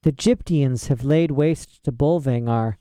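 A man voicing a calm, ageless female witch queen in a storybook reading, speaking in a measured, grave way. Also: mid-range voice, no echo, studio quality, natural voice.

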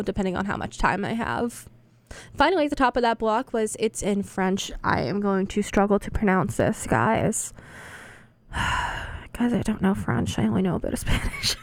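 The radio host speaks at normal speed in a mid-range voice. Her casual between-song chatter rambles along, self-deprecating and packed with fillers and restarted phrases.

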